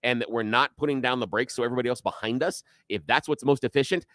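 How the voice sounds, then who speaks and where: Man, radio guest, explains step by step, mid-pitched voice, dry close mic. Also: fast talker, a bit bright, no room sound. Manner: explanatory, agreeable, lays out ideas step by step. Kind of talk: casual talk radio chat.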